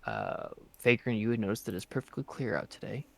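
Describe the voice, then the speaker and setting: A man as game master, narrating a tabletop adventure in a relaxed, halting way with frequent pauses. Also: lowish voice, gravelly, slight background noise.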